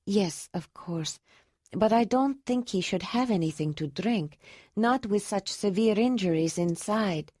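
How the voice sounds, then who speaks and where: A woman voicing a calm young healer woman speaking gently in a storybook reading. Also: mid-range voice, no echo, studio quality, lightly acted. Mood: practical. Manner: gentle, measured.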